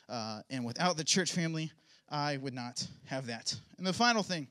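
A man's voice: on the high side, bright, forceful tone. A young man, a pastor's son, sharing a personal testimony in a casual sermon style, with joking, self-mocking asides. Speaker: pastor's son giving a church talk.

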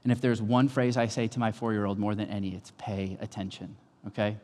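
A male pastor in his thirties preaching a sermon, with lively storytelling that swings from calm to loud. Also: on the low side, brisk. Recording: long hall reverb.

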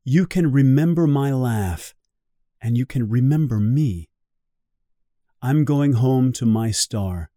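A man reading the part of a gentle, sad little boy prince in a storybook, in a soft and wistful way. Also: medium pitch, expressive, slow pace, long pauses, dry recording, clean studio sound.

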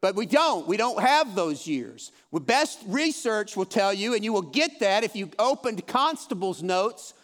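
Brief: man in his fifties, fairly high voice, folksy, encouraging Bible teacher for a room audience. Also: sing-song, a little slow, few pauses, a bit bright. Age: 50s. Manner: encouraging, folksy, repeats himself. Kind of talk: conversational Bible study teaching. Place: room with a live audience, also streamed.

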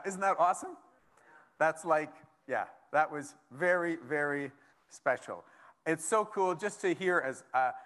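Pastor with a lightly raised voice. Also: male voice, on the high side, a bit bright. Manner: casual and conversational, reading scripture aloud between asides. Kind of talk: sermon.

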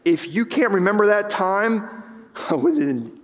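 A male pastor preaching a sermon in a church sanctuary, his slightly raised voice swelling with passion and then dropping low. He often stumbles and restarts mid-sentence as he pushes a point. A long reverb trails each phrase. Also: big pitch swings, slow pace. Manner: impassioned, rising and falling with emphasis, frequent restarts.

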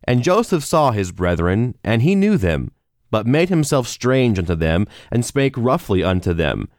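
A man reading a Bible passage aloud in a steady, measured way, giving the quoted speech in his own plain voice. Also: mid-range voice, dry recording, clean studio sound. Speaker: scripture reader.

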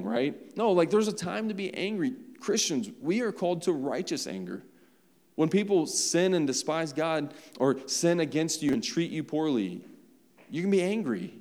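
Young preacher in a reverberant hall. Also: male voice, mid-range voice, a little mellow. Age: young adult. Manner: conversational preaching with frequent "right?" and "like". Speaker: pastor. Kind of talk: sermon. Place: church sanctuary. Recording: long reverb of a large hall.

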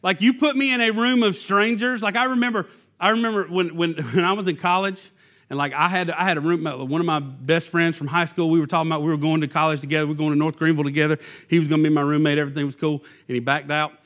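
A man's voice: on the high side, steady tone, quick pace, a bit bright. A man who is a youth pastor, giving a sermon in a conversational, self-deprecating way, with many fillers and restarts.

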